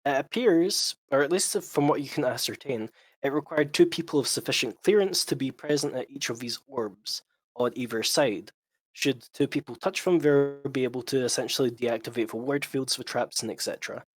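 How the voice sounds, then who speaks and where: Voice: mid-range voice, moderate pace, breathy edge. A game master narrating a tabletop game, explaining rules in an explanatory way with frequent fillers.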